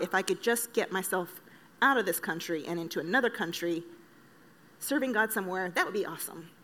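A woman's voice: medium pitch, a bit bright. A woman from Kenya, a missionary, giving an earnest, conversational personal testimony to an audience, with light joking asides. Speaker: missionary speaker.

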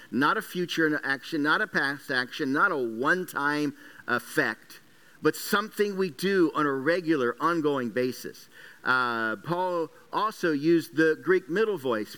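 A man teaching a Bible lesson as a sermon, pausing often on fillers as he recaps and explains Greek words. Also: on the high side, sharp tone, clean tone.

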